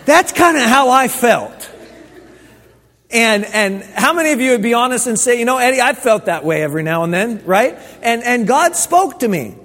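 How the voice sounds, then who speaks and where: A man's voice: very high voice, sing-song, normal speed, fairly bright tone. A man preaching a sermon as pastor, telling stories in a casual, conversational way with frequent restarts. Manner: conversational storytelling, many restarts. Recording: long hall reverb.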